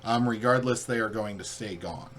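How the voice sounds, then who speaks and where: A man's voice: on the low side, normal speed, fairly bright tone. A man co-hosting a board game playthrough, reading the rules aloud in a casual, joking way. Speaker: co-host and rules reader.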